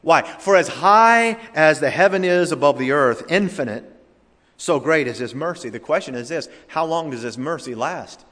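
Brief: male pastor, emphatic and repetitive preaching, slightly high voice. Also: lively intonation, normal speed, a bit bright. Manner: emphatic, repetitive, addresses congregation directly. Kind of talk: sermon. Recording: reverberant hall.

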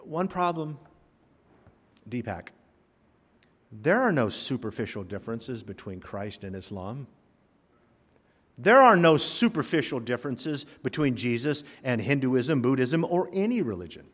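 A man's voice: medium pitch, sing-song, a little slow, pauses often, fairly bright tone. A man preaching a sermon, telling stories with humor and driving home emphatic points. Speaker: pastor. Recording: long reverb of a hall.

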